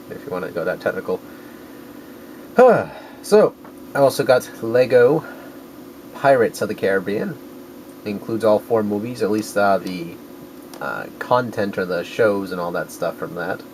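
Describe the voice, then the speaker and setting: A man's voice: lowish voice, moderate pace, slight background noise, rough recording. A man rambling casually in a vlog about his collecting finds, correcting himself often and dropping crude jokes. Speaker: video game collector vlogger.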